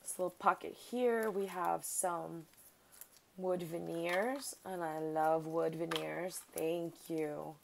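A woman vlogger casually chatting as she unboxes craft mail at her desk, gushing and excitable, thanking over and over. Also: lowish voice, slow, creaky, a little hiss or hum, low-quality recording.

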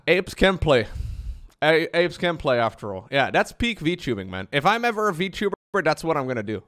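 Lively joking man streaming. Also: normal speed. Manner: joking, animated, with playful high-pitched squeals. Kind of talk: casual live-stream chat.

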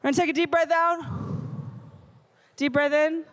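A woman in her thirties giving a lively, playful talk to teenagers at a youth conference. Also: high-pitched, normal speed. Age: 30s. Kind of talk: motivational talk to teens. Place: conference stage before a crowd.

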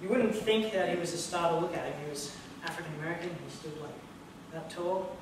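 A male impressionist performing live at a community hall rambles between impressions and owns up to being unprepared. His fairly high voice moves fairly quickly. The audio is noisy and echoey, picked up from a distance.

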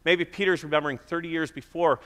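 This middle-aged preacher sounds a little high and bright, speaking fast with fairly even intonation and a forceful tone. He talks conversationally from the pulpit of a church, driving his points home through repetition, and the large hall echoes around him.

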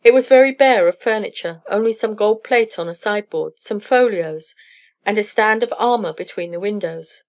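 A woman reads a classic short story aloud in a steady, clear narration meant for English learners. Her pitch sits in an ordinary middle range. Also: normal speed.

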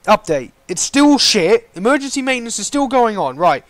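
A man rants through a live game stream, cursing and exasperated. His voice sits high and leaps wildly up and down. The sound is dry and close. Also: big pitch swings, moderate pace, hardly any pauses, dry recording. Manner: ranting, swearing, exasperated outbursts.

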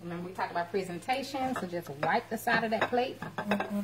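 A woman's voice: medium pitch, fairly quick, very noisy. A woman cooking at home on a live stream, chatting and teasing as she talks to her viewers. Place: home kitchen. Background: clatter of dishes and cutlery.

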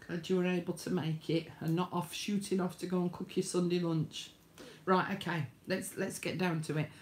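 A woman's voice: lowish voice, little pitch movement, moderate pace, a little hiss or hum. A woman hosting a live craft demonstration, chatting homely and greeting viewers by name. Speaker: craft tutorial host.

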